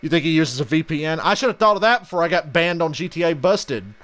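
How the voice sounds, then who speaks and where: A man's voice: a little high, lively intonation, quick pace, a bit bright. A man hosting a live race reaction stream in casual, profane chat, breaking into mocking voices when he quotes people.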